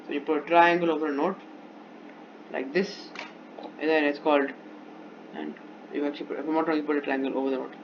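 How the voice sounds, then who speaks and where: A man's voice: fairly high pitch, steady tone, fast, pauses often, a little hiss or hum. A man teaching a music theory lesson off the cuff, often restarting and repeating himself while he demonstrates. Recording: dull lo-fi recording with instrument playing.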